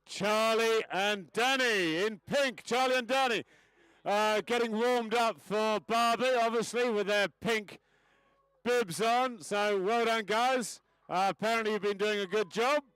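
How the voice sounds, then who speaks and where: A man announcing an equestrian event and calling races live, chatty and cheerful with rising excitement during the action. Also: sits high, a little slow, clear, resonant tone, dry recording, low-quality recording. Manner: leads a crowd chant. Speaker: event announcer and race commentator. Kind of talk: live race commentary.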